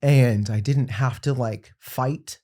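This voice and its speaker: A man's voice: mid-range voice, takes it slowly, a little mellow. A young adult man, a podcast guest, telling a personal story in casual conversation and acting out the people he quotes.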